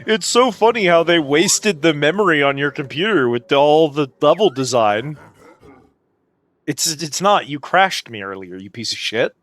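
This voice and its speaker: A man's voice: a little high, expressive, measured pace, a bit bright. A man giving sarcastic, joking commentary while he streams a game, swearing freely. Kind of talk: casual gameplay commentary.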